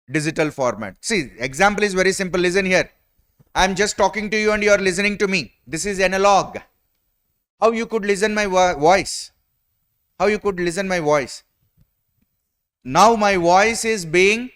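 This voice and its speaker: A man's voice: sits high, a bit bright, clear, resonant tone. A man with an Indian English accent giving an exam-prep lecture, often asking rhetorical questions and repeating his points.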